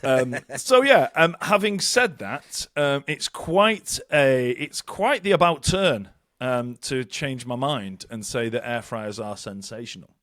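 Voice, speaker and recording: A man in casual podcast chat who rambles through stories and pokes fun at himself, with plenty of ums and restarts. His voice sits at an everyday middle pitch. The recording is dry and close. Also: lively intonation, takes it slowly, hardly any pauses, fairly bright tone, no echo. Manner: rambling, self-mocking, lots of ums. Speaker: podcast co-host.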